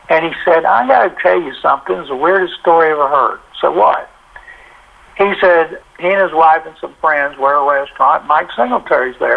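A man, a sportswriter, telling a story in a lively way and acting out the voices of the people in it. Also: fairly high pitch, gravelly, phone-quality sound. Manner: animated, acts out quoted voices. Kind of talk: anecdotal storytelling.

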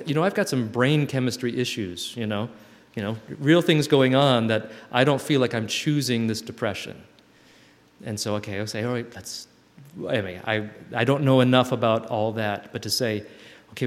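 Thoughtful man in a reverberant hall. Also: mid-range voice. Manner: thoughtful, searching for words, self-questioning. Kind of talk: reflective talk to a group.

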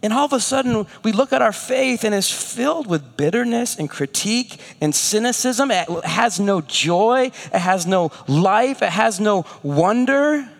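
A man preaching a sermon as pastor, animated and storytelling, with rhetorical questions. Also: sits high, unhurried, vocal fry, hardly any pauses, in a large hall.

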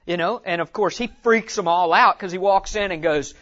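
A man giving an animated teaching talk at a conference. He tells it like a story, acts out quotes and often says "you know". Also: high-pitched, moderate pace, dull audio. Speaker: conference speaker.

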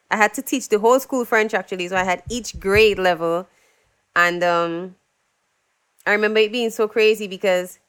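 A young woman tells stories from her life in a relaxed interview. Her voice is smooth and clear, and she gets animated as she acts out what other people said. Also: mid-range voice. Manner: animated storyteller, acts out quotes, laughs often. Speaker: guest, singer. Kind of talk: casual interview chat.

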